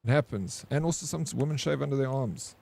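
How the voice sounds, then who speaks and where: A man's voice: medium pitch, brisk, vocal fry, dark tone. Man, South African accent, game streamer, casual chatter, greets viewers by name, cusses freely. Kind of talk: casual live-stream chat.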